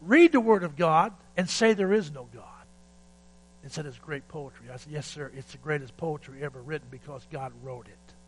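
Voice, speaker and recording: A man preaching a sermon, telling stories in a folksy way and calling out for amens, building up to shouted peaks. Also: on the high side, moderate pace, a little hiss or hum, rough recording. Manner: calls for amen from the congregation. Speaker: pastor.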